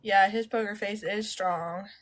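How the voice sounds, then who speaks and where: A woman's voice: mid-range voice, steady tone, a little slow. A woman in a casual livestream group chat, teasing and laughing often over a video call. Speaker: livestream participant.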